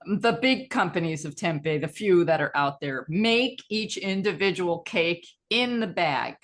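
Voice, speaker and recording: A woman with a somewhat low voice hosts a radio interview. She talks conversationally, drifting into side stories before steering back to her guest. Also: lively intonation, a little slow, a little hiss or hum. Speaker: radio show host.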